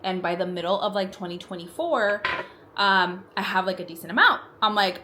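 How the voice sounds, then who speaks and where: A woman's voice: medium pitch, normal speed, sharp tone. A young adult woman vlogger telling a personal story in casual chat while doing her makeup, talking in a chatty way with frequent "like" fillers, at home in her apartment.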